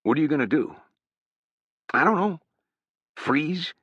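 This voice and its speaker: A man voicing a scared, whiny young country boy in a high, plaintive, fretful voice, for an audiobook. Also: expressive, unhurried, husky, no echo. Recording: dull, dry sound.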